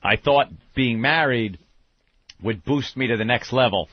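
A man's voice: medium pitch, measured pace, no room sound. A man hosting a radio show, telling a rambling, profane story about his past in casual talk. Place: radio studio. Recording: dull lo-fi radio broadcast.

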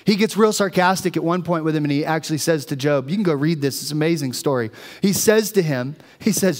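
This pastor talks fast in a fairly high voice, spinning lively stories for his congregation during a sermon. The church sanctuary gives the recording a long, echoing reverb.

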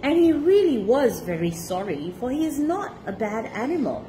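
A woman from Malaysia reading a children's storybook aloud to her child, expressive with laughing asides. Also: fairly high pitch, moderate pace, slight background noise, poor audio.

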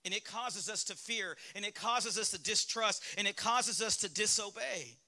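A man's voice: high voice, moderate pace, sharp tone. A male pastor with a Southern US accent preaching a sermon in a church, speaking candidly and asking the congregation rhetorical questions. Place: church sanctuary.

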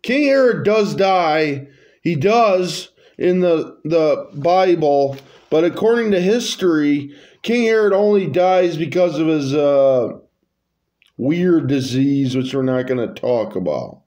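A man reading his own comic story aloud in a high voice. He talks slowly and rambles off into hesitant asides full of fillers. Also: lively intonation, a little mellow.

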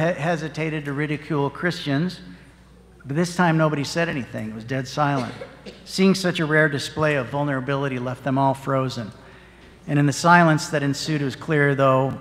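A parish priest giving a sermon, telling a story in an earnest, measured way. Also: male voice, a little high. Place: church. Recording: long church reverb.

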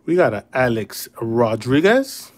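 A man hosts a casual livestream card break at an easy, unhurried pace. His talk is laid-back and chummy, calling viewers brother and man. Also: mid-range voice, sing-song. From Chicago area.

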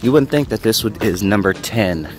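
A man with a very low voice talks casually into a handheld camera as he walks around filming, reminiscing as he goes and sometimes dropping to a hush. Music plays clearly underneath his voice. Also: expressive, moderate pace. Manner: reminiscing, hushed at times. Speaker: vlogger. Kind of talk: casual walking vlog.

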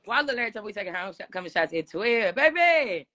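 A young woman with a Southern US accent, hosting a casual livestream chat, loud, playful and teasing. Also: medium pitch, fast talker, lo-fi sound. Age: young adult. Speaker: DJ and livestream host. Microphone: phone on a live video call.

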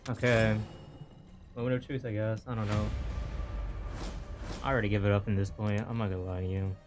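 A man talks over his own gameplay in a casual, unpolished way. He mutters and curses, then breaks into loud outbursts. Faint game music plays softly behind his voice. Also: on the low side, fairly quick. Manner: swings from flat muttering to shrieking excitement, swears often. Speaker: gaming channel host. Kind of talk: live gameplay reaction and commentary.

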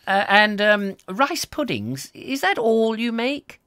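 A man's voice: high-pitched, very animated, slow, bright, forceful tone, smooth, no echo, clean studio sound, voice pushed up, full character voice. A man voicing a prying, fussy doctor. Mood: inquisitive. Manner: persistent, inquisitive questioning. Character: fussy, probing middle-aged male doctor.

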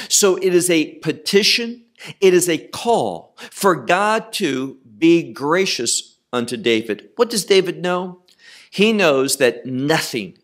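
A man gives a verse-by-verse Bible lesson in a slow, deliberate delivery. His voice sits somewhat high for a man, and he leans hard on key words, repeating them for emphasis. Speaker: Bible teacher.

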